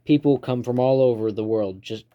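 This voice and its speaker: A man voicing a bored rural teenage boy who speaks in a flat, dismissive way. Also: mid-range voice, moderate pace, muffled recording, natural voice.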